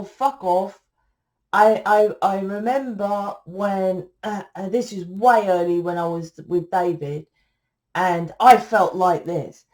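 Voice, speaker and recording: A woman gives a casual tarot reading, blunt and swearing freely. She sounds tired. Her voice sits at an everyday middle pitch. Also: a little mellow. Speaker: tarot reader.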